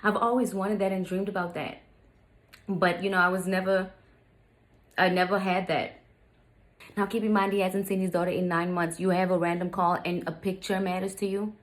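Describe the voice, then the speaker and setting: A woman's voice: fairly low pitch, little pitch movement, moderate pace, low-quality recording. A young adult woman, a stepmother, telling a story in a casual vlog, emphatic and heated, with many fillers. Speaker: vlogger, stepmother.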